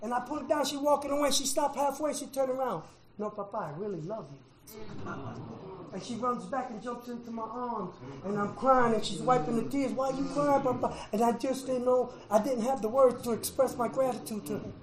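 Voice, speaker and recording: A middle-aged man telling his recovery story to a meeting, emotional, with a preacher-like rhythm, going from hushed to shouting and repeating "man.". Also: very high-pitched, fairly even intonation, brisk, few pauses, roomy sound, crowd noise, rough recording. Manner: preacher-like, repeats phrases, says "man" often. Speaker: recovery speaker at a fellowship meeting. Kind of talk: personal testimony to an audience.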